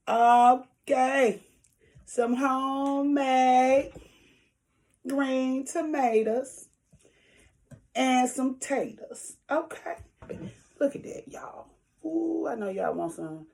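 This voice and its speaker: A woman's voice: high voice, extremely slow, creaky, pauses often, a little mellow. A woman talking casually to her viewers in an eating vlog, chatty and folksy, chewing while she talks. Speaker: food vlogger.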